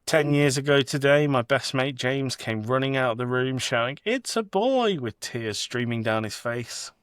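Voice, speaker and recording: British male co-host, dry deadpan joke delivery, close dry mic, mid-pitched voice. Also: moderate pace, smooth, dry recording. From Britain. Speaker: podcast co-host. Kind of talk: casual comedic chat.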